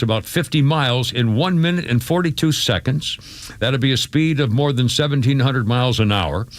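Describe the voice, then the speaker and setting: A man's voice: medium pitch, a bit bright, no room sound. A man hosting a radio talk show, chatting casually with callers and a co-host, with frequent restarts and laughter.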